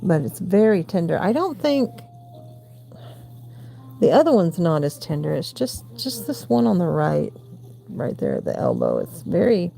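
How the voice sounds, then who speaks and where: A woman's voice: fairly low pitch, huge pitch swings, unhurried, creaky, mellow. A woman in her forties with a Southern US accent, chatting casually as host of a late-night craft livestream, rambling and cooing to her cats. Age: 40s. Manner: rambling, coos baby talk to her cats. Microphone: phone.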